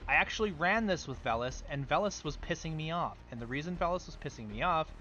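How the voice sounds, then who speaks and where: A man's voice: fairly high pitch, animated, quick pace, pushed and bright, muffled recording, a little hiss or hum. A man casually chatting on a game livestream, rambling and answering his chat. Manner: rambling and talking back to chat. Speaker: game streamer.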